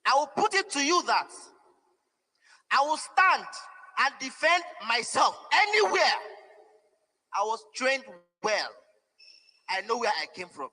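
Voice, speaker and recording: Very high-pitched, impassioned man. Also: sing-song, measured pace, long pauses, sharp tone, big-room sound, poor audio. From Nigeria. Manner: emotional, pleading and defiant. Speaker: press conference speaker. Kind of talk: impassioned public statement.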